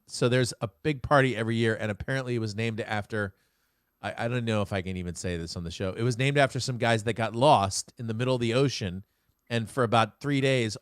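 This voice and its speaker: A man's voice: fairly low pitch, no echo, studio quality. A man hosting an interview show, chatting casually and telling rambling jokey stories. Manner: joking, rambling storyteller. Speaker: podcast host.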